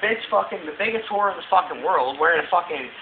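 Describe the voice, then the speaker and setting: A man's voice: high-pitched, expressive, fast talker, slight background noise. A young man telling a crude, rambling story, swearing constantly and laughing between lines. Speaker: ranting storyteller. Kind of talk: profane rambling rant. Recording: muffled lo-fi home video with crowd. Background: crowd chatter.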